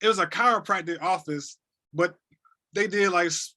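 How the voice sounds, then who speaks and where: A man in his thirties from North Carolina, a podcast guest telling a personal story in an animated way, often repeating words and acting out what others said. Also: sits high, normal speed. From North Carolina, USA. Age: 30s. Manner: animated, repeats words, acts out quoted dialogue. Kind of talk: emotional storytelling.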